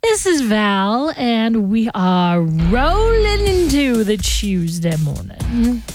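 A woman's voice: on the high side, big pitch swings, slow pace, over music. Chatty woman radio host. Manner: chatty and rambling, talks straight to listeners. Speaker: radio morning show host. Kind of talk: casual radio chat. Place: radio studio. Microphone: studio microphone.

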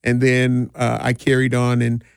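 A man's voice: medium pitch, completely flat delivery, a little slow, gravelly, clean tone, no echo, studio quality. A middle-aged man from Milwaukee, a DJ who organizes community parties, telling stories in an easygoing way, with laughs and many restarts. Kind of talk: casual interview storytelling.

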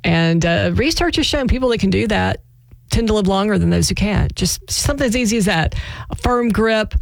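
A woman hosts a morning radio show with a chatty, self-mocking delivery, laughing now and then mid-sentence. Her voice sits at an ordinary middle pitch, and the sound is dry and close with no room around it. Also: expressive, fairly quick, gravelly, no echo. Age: adult, married. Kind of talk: casual radio chat.

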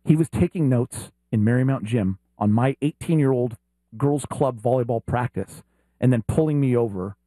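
A man's voice: medium pitch, moderate pace, mellow, no echo. A man co-hosting a sports talk show, telling stories with enthusiasm in casual chat. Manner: enthusiastic storyteller.

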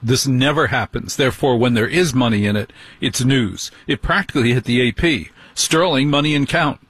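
A man's voice: medium pitch, brisk, fairly bright tone, breathy edge, no echo. A man hosting a show, telling a story in a wry, mock-indignant comic monologue. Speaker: host.

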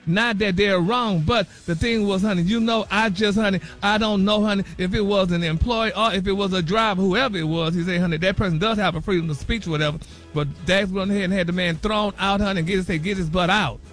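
A man's voice: sits high, fast, fairly bright tone, faint music behind. A man hosting a celebrity gossip segment on morning radio, flamboyant and sassy, calling everyone honey. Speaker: celebrity news host.

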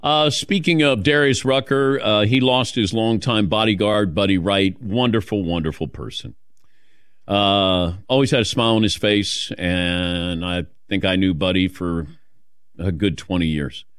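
A man's voice: lowish voice, a little slow, fairly bright tone, clear, resonant tone, no echo, clean studio sound. A male radio host in casual on-air talk, rambling with many fillers and restarts.

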